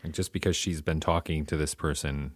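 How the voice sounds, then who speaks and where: A man's voice: rumbling low, fairly even intonation, brisk, no room sound. A man making wry, dry remarks in casual podcast chat. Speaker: podcast co-host.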